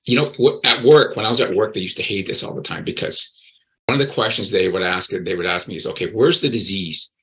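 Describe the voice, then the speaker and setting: An older man speaks as a guest on an interview podcast, in a low voice with a bright, forceful edge. He talks bluntly and directly, stressing his points with emphasis. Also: fast, rough recording. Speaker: recovery coach guest. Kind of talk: interview conversation.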